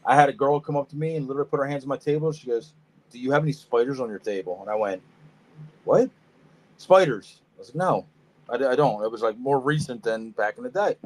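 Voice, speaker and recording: A man co-hosting a casual podcast, telling animated stories about reptile shows, swearing freely and acting out what people said. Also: mid-range voice, fast talker. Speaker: podcast co-host, snake breeder. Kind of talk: casual storytelling chat.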